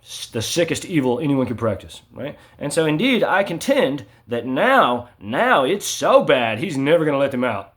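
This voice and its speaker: A man delivering an agitated, repetitive monologue, ending his sentences with "right?" and swinging between loud emphasis and low mutters. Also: sing-song, moderate pace, hardly any pauses. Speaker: vlogger. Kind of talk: ranting monologue to camera.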